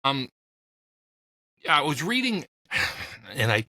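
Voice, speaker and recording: A man's voice: medium pitch, sing-song, extremely slow, pushed and bright, no echo. A man co-hosting a podcast, joking and musing in casual chat. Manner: jokey, discursive. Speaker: podcast co-host.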